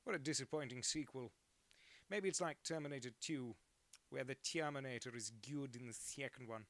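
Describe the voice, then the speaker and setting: A man's voice: medium pitch, normal speed, a bit bright, no echo. A cartoonist talking casually on a live stream, rambling and joking as he reads out chat messages.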